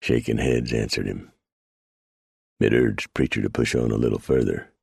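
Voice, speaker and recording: A man narrating a western audiobook in a steady storytelling read. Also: extremely low pitch, normal speed, vocal fry, long pauses, husky, dry recording, clean studio sound. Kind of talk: scripted narration.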